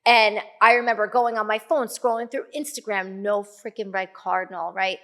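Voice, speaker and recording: A woman's voice: mid-range voice, fairly even intonation, normal speed, sharp tone. A middle-aged woman telling a personal story as a podcast guest, chatty, full of fillers, acting out what she and others said. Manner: chatty, many fillers, acts out her own quotes. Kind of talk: casual storytelling.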